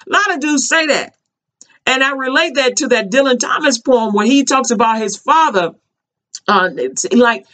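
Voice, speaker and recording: A woman with a high voice talks casually as a video commentator. She speaks emphatically, repeating her points in a loose, conversational way. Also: fairly bright tone.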